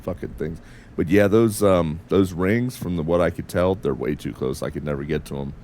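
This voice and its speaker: Super deep raspy american guy streaming a space game, mutters and swears to himself, bit of noise in the back. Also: normal speed, darkish tone. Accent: mixed American, neither northern nor southern. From United States. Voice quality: gravelly. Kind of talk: casual gameplay commentary.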